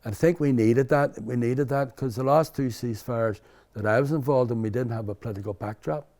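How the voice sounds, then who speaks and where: A man's voice: medium pitch, a little fast, darkish tone. An older man from Belfast with a Belfast accent, telling his story as an interview guest in a rambling, candid way. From Belfast, Northern Ireland. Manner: rambling, frequent restarts and "you know".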